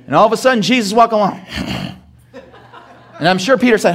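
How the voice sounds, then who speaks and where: This male pastor's fairly bright voice sits high, moving at a quick pace broken by long pauses. He preaches by throwing rhetorical questions at the congregation and performing short comic dialogue scenes.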